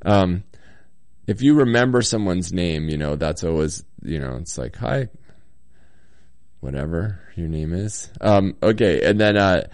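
A man's voice: sits low, animated, moderate pace, darkish tone, dry recording, clean studio sound. A man hosting a casual solo talk show from a hotel room, reading listener comments with a slight cold, rambling with lots of ums and little chuckles.

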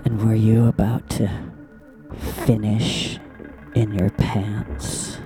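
A man putting on a sultry, teasing whisper as a late-night radio DJ, with a gravelly edge. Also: lowish voice, flat delivery. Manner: breathy slow whisper, teasing. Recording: music playing under the voice.

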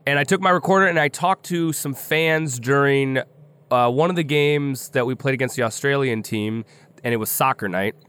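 A man's voice: medium pitch, moderate pace, a bit bright, clear, resonant tone. A man co-hosting a casual show, joking and laughing as he introduces segments and chats with fans. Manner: joking, upbeat, laughs often. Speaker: podcast co-host. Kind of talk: casual chat and fan interviews.

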